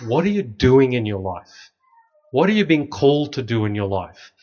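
A middle-aged man, a priest, telling lively stories with dry humor to an audience. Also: mid-range voice, moderate pace. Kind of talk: storytelling talk to an audience. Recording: slightly dull lo-fi recording.

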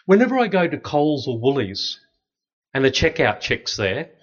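A middle-aged Australian man, a Catholic priest, telling stories to an audience in a lively, anecdotal way. He sits at a middle pitch and slips into other people's voices as he goes. The sound is a little dull and lo-fi. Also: normal speed, slightly rough. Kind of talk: storytelling talk with slides.

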